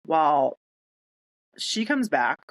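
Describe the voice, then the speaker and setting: A woman's voice: deep voice, big pitch swings, poor audio. A young woman, a military veteran, telling her own story in an interview, candid and emotional, often acting out what others said to her. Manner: emotional, candid, quotes others in rapid retelling.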